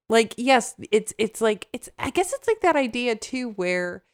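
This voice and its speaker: A woman's voice: fairly high pitch, sing-song, slow. A woman therapist co-hosting a casual podcast chat, rambling into tangents and laughing often.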